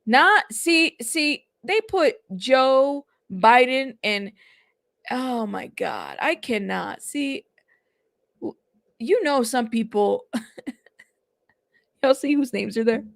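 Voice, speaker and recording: A woman's voice: on the high side, animated, extremely slow, gravelly, pauses often, no room sound, clean studio sound. A woman hosting a casual reaction commentary stream, chatty and exasperated, often laughing. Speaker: commentary channel host.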